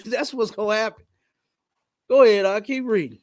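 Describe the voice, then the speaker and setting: A man's voice: high-pitched, normal speed. A man hosting a podcast in casual chat, talking in an emphatic, preachy way and repeating his points. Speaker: podcast host.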